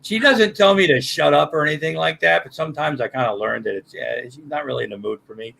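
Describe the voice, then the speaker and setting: A man's voice: a little high, quick pace, creaky, pushed and bright, slight background noise, low-quality recording. An older man on a livestream chat, rambling and cursing with many restarts. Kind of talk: casual chat.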